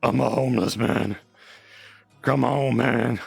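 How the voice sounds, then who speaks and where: Man doing a raspy drunk homeless guy. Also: medium pitch, steady tone, takes it slowly, soft background music, full character voice. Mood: slurring. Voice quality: raspy, held-back.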